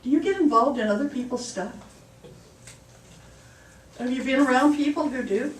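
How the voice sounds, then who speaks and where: Woman pastor telling stories in a sermon, chuckles at her own jokes, kinda high voice, far from the mic in an echoey hall. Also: normal speed, slight background noise. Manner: chatty storytelling, laughs at own jokes. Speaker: minister. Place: church hall.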